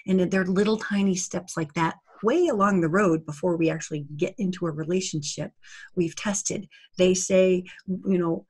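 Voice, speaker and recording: Woman, summit speaker, earnest and conversational, lowish voice. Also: normal speed, husky. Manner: earnest, conversational, acts out little dialogues. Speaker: summit speaker on narcissistic abuse recovery. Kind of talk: interview-style talk.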